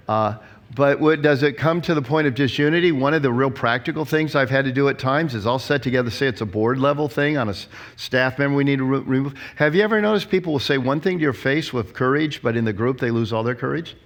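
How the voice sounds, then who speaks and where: An older pastor in his sixties giving a conference talk. He tells stories in an animated, lively way and acts out what people said. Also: mid-range voice. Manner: storytelling, animated, acts out quotes.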